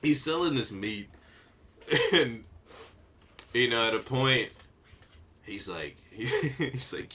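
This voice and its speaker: A man's voice: lowish voice, slow pace, pauses often, pushed and bright. A man hosting a casual podcast, telling a rambling story and laughing often. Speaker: podcast co-host. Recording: noisy home podcast recording.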